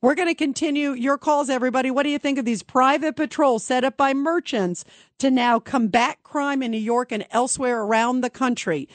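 A woman's voice: high voice, fairly quick, no room sound. A woman hosting a call-in radio talk show, chatting with callers and asking their views. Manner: conversational, asks callers questions.

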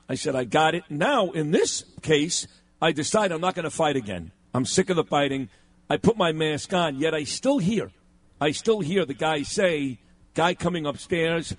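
A fairly high-pitched man hosts talk radio, retelling a run-in with great indignation. He acts out every exchange with emphatic punches. The recording is dry and close. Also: expressive, moderate pace, dry recording. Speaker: radio talk show co-host. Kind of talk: animated storytelling on talk radio.

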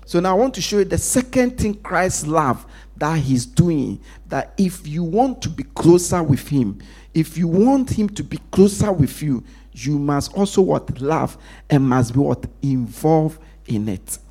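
A male pastor preaching with a husky edge and a pitch that swings widely. He asks the congregation to finish his sentences, and he sinks to a near whisper when he stresses a point. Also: measured pace. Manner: call-and-response preaching, lively pitch, drops to a hush for emphasis. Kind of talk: sermon.

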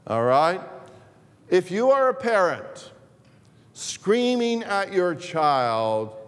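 A male pastor delivers a sermon at a slow, deliberate pace, his voice sitting a little high. He repeats key phrases and asks his congregation questions, and a long church-hall echo trails each line.

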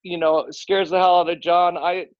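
A man's voice: high voice, flat delivery, normal speed, no room sound, highs cut off. A man guesting on a podcast, talking in a loose, rambling way with frequent restarts and casual swearing.

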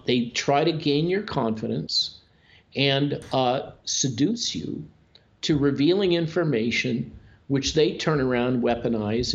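A man as a guest on a talk show, speaking in a measured, drawn-out way with many filler sounds. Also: medium pitch, vocal fry. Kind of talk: conversational interview talk. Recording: dull lo-fi audio.

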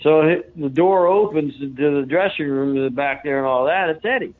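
A man with a slightly high voice, speaking at a normal pace, appears as an interview guest and tells stories in a loose, rambling, folksy way full of filler words. The recording has a narrow, phone-like sound.

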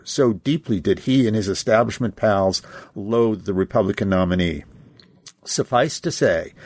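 Man, radio political commentator, fairly low voice, emphatic delivery, dry close studio sound. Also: no echo. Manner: emphatic, stresses key words by repeating them.

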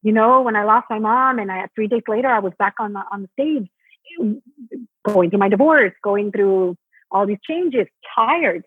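A woman's voice: normal speed, slightly rough, no echo. A woman originally from Mexico, a Broadway actress, talking animatedly in an interview and acting out quotes. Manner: animated, acts out quotes with pitch jumps. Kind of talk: interview conversation. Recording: tinny phone-like line.

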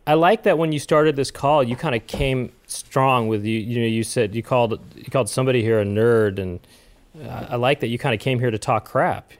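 A man's voice: mid-range voice, brisk. A man hosting a comedy call-in show, laid-back and teasing the caller. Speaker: host.

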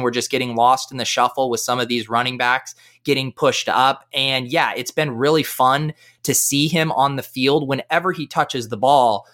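A young man talking fantasy football as a podcast guest, energetic and analytical, with frequent fillers. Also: mid-range voice. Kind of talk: casual podcast chat.

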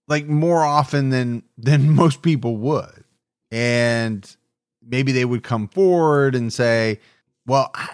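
A man hosts a true crime podcast with a mid-pitched voice. He narrates and muses in a steady, reflective way. The recording is close and dry. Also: dry recording. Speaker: podcast host.

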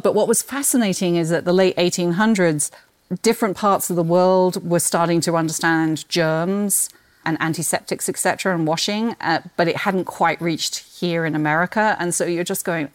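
A woman's voice: lowish voice, moderate pace. A British woman with a trace of an Australian twang, a podcast guest who describes books with enthusiasm and laughs often. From Britain. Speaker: guest, book marketing executive. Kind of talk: casual podcast conversation.

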